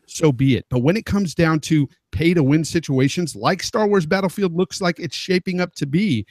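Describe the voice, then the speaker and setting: A man's voice: a little high, no echo. A man arguing his point emphatically in a casual podcast roundtable debate. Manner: emphatic, argumentative. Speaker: podcast panelist.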